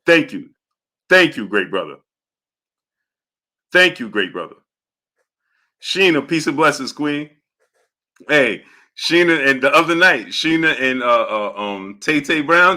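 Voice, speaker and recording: A man hosts a boxing live stream in a mid-range voice that is expressive, bright and forceful, speaking a little slowly and pausing often. Reading viewers' comments and greeting them by name, he laughs hard between phrases.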